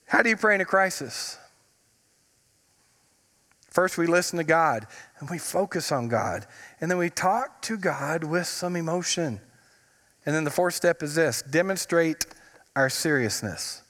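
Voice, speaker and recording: Animated and fairly bright, this higher-pitched pastor preaches at a measured pace with long pauses. He stretches words for emphasis while telling funny stories, his voice echoing in the long reverb of a church sanctuary.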